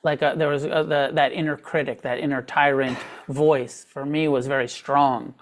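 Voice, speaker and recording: A man teaching meditation to a live group, talking loosely with fillers and restarts, often trailing off quietly. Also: mid-range voice, level tone, normal speed. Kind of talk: dharma talk to a live group. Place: meditation hall with a live audience.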